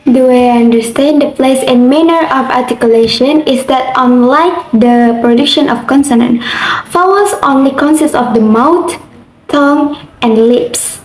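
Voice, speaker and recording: A woman's voice: high-pitched, a little slow. A young woman from Indonesia, a university student carefully reading a class assignment aloud, with occasional slips. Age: young adult. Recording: roomy echo, faint background noise.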